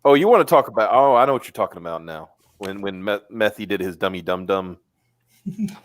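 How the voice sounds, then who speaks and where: Joking live-stream host, dry sound. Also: male voice, fairly low pitch, animated, fast talker, dry recording. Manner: loose and joking, swears casually. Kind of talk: casual live-stream chat.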